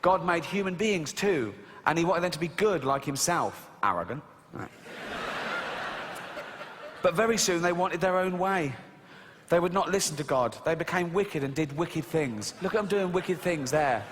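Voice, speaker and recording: A man's voice: a little high, expressive, moderate pace, long reverb tail. A man doing a stand-up comedy routine on a theatre stage, sarcastic, incredulous and sweary. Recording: live stand-up with crowd laughter and noise. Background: audience laughter.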